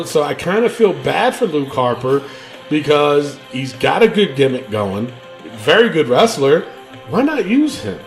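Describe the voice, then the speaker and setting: A man co-hosting a wrestling podcast, ranting casually with lots of fillers and profanity. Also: a little high. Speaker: podcast co-host.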